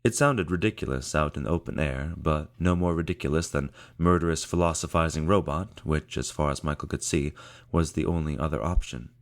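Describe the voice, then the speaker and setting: Man, audiobook narrator, very deep voice, measured steady storytelling. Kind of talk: scripted narration.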